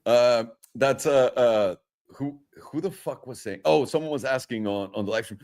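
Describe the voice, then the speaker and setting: A man's voice: mid-range voice, expressive, normal speed. A man hosting a trading stream, chatting casually, joking and laughing often between comments. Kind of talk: casual chat and market commentary.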